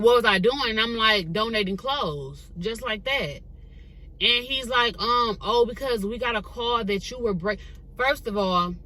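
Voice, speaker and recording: A woman's voice: a little high, low-quality recording. A young woman chatting casually as she tells a story from her car, talking straight to her viewers. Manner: chatty, animated, addresses viewers as "girl". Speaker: vlogger telling a story. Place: parked car.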